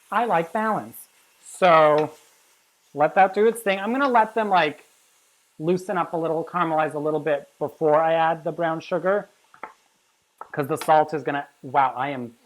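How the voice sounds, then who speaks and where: A brash woman walks viewers through a recipe with a low-pitched voice. She swears freely and jokingly insults her audience. Her delivery stays casual and chatty. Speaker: cooking show host. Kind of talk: casual cooking demonstration.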